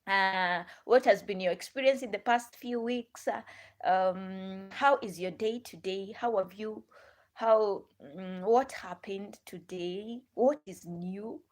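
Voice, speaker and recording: A woman's voice: mid-range voice, slow. A woman with a Ghanaian English accent hosting a live stream, chatting to viewers in a rambling way, repeating herself and asking them many questions.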